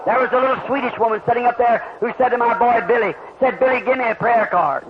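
A man's voice: extremely high pitch, quick pace. A man preaching a revival sermon to a crowd, telling healing stories and asking the listeners questions. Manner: fervent, storytelling, asks the crowd questions. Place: large meeting hall. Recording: dull lo-fi archival tape with hiss.

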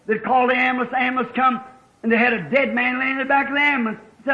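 A man preaching a fervent sermon, rising to shouts as he tells stories. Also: very high voice, flat delivery, fast. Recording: dull lo-fi old tape.

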